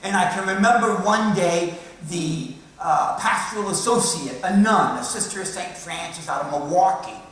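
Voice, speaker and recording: A man's voice: high-pitched, moderate pace, few pauses, fairly bright tone. A man with a Southern US accent, a priest giving a sermon in a folksy storytelling manner. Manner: folksy storytelling with acted quotes. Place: large church. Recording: echoey church, voice from far off.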